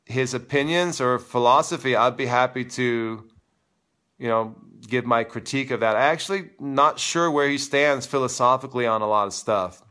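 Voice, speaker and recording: A man's voice: mid-range voice, moderate pace, clean tone. A man hosting a live tennis show, talking casually and with strong opinions while he answers viewer comments. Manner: animated, opinionated, teasing.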